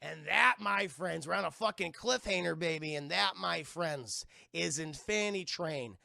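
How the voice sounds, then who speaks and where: A man recapping a cartoon episode for a live-stream chat, talking in an energetic, profane, and animated way. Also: on the high side, moderate pace, creaky, dry recording, clean studio sound. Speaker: livestream cartoon reviewer.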